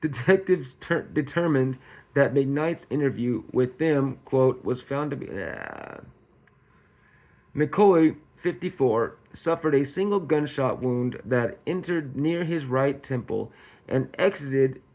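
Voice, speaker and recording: A man with an average-pitched voice hosts a casual true-crime commentary. He reads the facts, then drifts into rambling, sarcastic asides, colloquial phrasing and frequent chuckles. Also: expressive, takes it slowly, darkish tone. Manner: laughs often, rambling and sarcastic; colloquial, says y'all.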